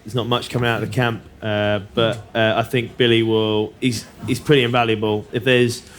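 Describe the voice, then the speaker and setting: A man's voice: mid-range voice, flat delivery, moderate pace. A man guesting on a live podcast, chatting casually with dry understatement. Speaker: guest rugby player. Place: live venue before an audience.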